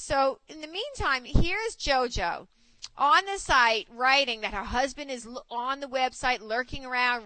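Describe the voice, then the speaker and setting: A woman in her forties hosting a casual chat, telling stories in an animated way and acting out quotes. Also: high voice, dry recording, poor audio. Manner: chatty, animated storytelling with acted quotes. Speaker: host.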